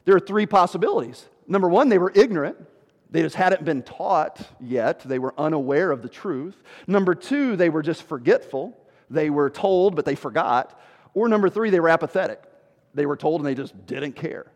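A male pastor preaching a sermon with emphasis, dropping low and slow for scripture and rising loud to stress a point. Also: lively intonation, in a large hall.

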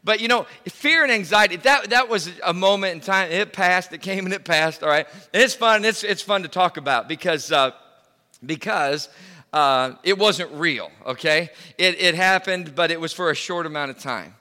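A middle-aged man preaching a sermon, telling a personal story in an animated way, repeating words and bursting into loud cries. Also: high voice, normal speed. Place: church hall. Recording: reverberant hall.

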